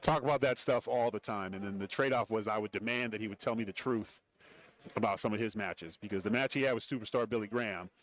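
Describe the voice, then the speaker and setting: Middle-aged male guest, low-pitched and quick, lively anecdotes with impressions. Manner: animated storyteller, acts out quoted voices. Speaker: guest, former wrestler and TV commentator. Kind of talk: casual interview storytelling. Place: radio row broadcast booth.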